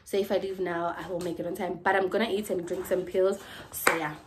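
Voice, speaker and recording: A woman's voice: fairly low pitch, flat delivery, brisk, very noisy. A young South African woman vlogging casually on her phone, chatty and laughing, slipping Zulu words into her English. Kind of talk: casual chat. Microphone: phone held by hand.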